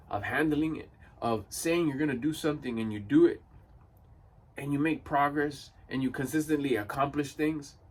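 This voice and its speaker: A man's voice: fairly high pitch, slightly rough, distant mic. A man giving a blunt, emphatic motivational monologue to camera. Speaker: motivational vlogger.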